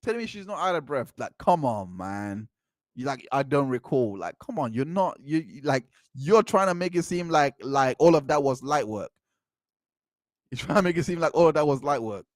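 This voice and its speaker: A man's voice: on the high side, animated, moderate pace, no echo. A man hosting a channel, giving casual commentary on court transcripts, often repeating himself and making incredulous asides. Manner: repetitive, restarts phrases, incredulous asides.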